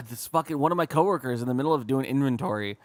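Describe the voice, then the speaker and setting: A man's voice: mid-range voice, fast talker, dry recording. A man co-hosting a podcast in casual chat, sighing, swearing and saying "like" a lot. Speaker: podcast co-host.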